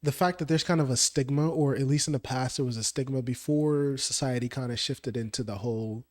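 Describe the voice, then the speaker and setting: A man hosting a podcast, his voice at an ordinary middle pitch. He talks in a reflective, conversational way and guides the discussion with questions. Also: fairly quick, darkish tone. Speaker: podcast host. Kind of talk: casual faith podcast discussion.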